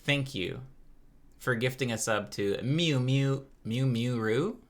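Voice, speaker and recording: A man's voice: mid-range voice, slow pace. A man hosting a live stream, chatting casually, joking and reacting to his chat. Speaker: livestream host.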